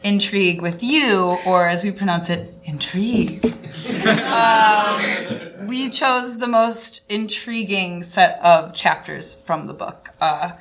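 A woman's voice: mid-range voice, slow, background noise. A woman author introducing her book at a live reading, chatty and wry, with fillers. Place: live venue with audience.

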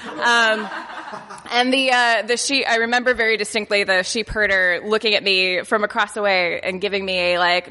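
Woman storyteller, sharp bright voice, self-mocking and tripping over words, recorded in a reverberant hall. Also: medium pitch, steady tone, moderate pace. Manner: self-deprecating, stumbles over words and laughs through the telling. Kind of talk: personal anecdote told to an audience.

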